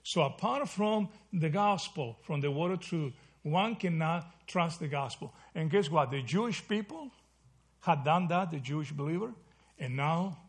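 A man leads a Bible study in a relaxed sermon style. His voice sits a little high and has a husky edge. He talks conversationally, restarting phrases and tagging lines with quick checks to his listeners. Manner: conversational, checks in with "okay?" and "right?"; self-correcting, restarts mid-phrase. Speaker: Bible teacher.

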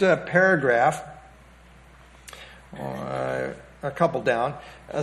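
A man giving an expository Bible lesson, reading from printed notes and stopping often to direct listeners to the page. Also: on the high side. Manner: reads from notes with frequent fillers and restarts, pointing to the page. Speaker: Bible teacher.

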